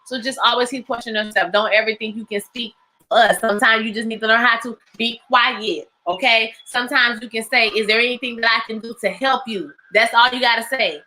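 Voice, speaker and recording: Woman, live TV recap host, bright voice, slightly high, animated storytelling, slangy, acts out lines. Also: brisk. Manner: laughs often, slangy and loud.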